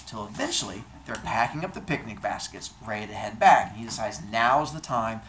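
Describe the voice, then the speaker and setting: Animated man telling myths, echoey room. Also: on the low side, a little fast, slight background noise. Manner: animated, playful and chatty. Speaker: storyteller. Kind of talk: casual comedic storytelling of myths.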